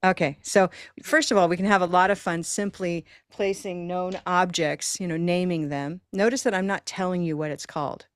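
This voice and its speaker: A woman's voice: fairly low pitch, fairly even intonation, moderate pace, few pauses. A woman leading an online teacher training session, upbeat and encouraging as she demonstrates with objects over a video call. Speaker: workshop presenter.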